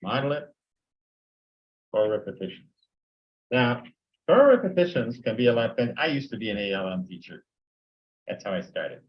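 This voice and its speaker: A man's voice: on the low side, big pitch swings, moderate pace, pauses often. An older man training teachers in a conversational lecture, sometimes acting out sample dialogues. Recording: dull lo-fi recording.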